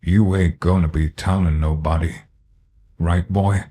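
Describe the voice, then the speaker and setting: A man voicing a violent rural father who speaks slowly and calmly with a menacing edge. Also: low voice. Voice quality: slow, calm, menacing.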